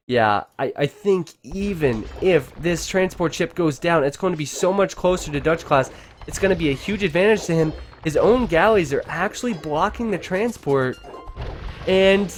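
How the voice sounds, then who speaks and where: Excitable man casting a strategy game. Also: on the high side, measured pace, a little hiss or hum. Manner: excitable, chatty, addresses viewers as guys. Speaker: game caster. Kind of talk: casual video game commentary.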